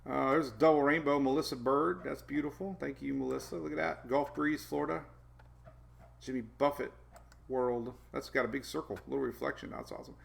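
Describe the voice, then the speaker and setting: A man's voice: mid-range voice, steady tone, fairly quick, vocal fry. A man hosting a casual weather live stream from home, rambling as he reads out viewer names and talks to his puppies. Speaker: weather show host.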